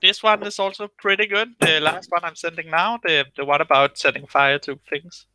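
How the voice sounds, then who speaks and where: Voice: medium pitch, steady tone, normal speed, sharp tone, clear, resonant tone, no room sound, rough recording. A podcast co-host in a casual chat, brash and teasing.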